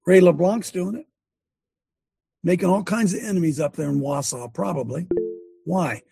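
A man preaching passionately to his congregation as host of the show, ranting with his voice leaping high when fired up. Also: moderate pace, gravelly, pauses often, dark tone, slightly rough, dry recording.

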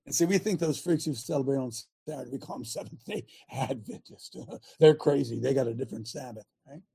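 A man's voice: medium pitch, creaky, mellow, breathy edge. A man hosting a religious broadcast, preaching and reading scripture aloud, emphatic and full of repeated rhetorical questions, often stopping to restart or make asides. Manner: halting, with frequent restarts and asides.

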